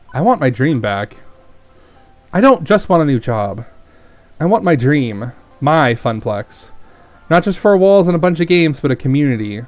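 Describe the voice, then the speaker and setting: A man's voice: mid-range voice, a little mellow, dry recording. A man streaming a visual novel, reading it aloud and reacting with emotional, profane commentary. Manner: emotional, swears freely.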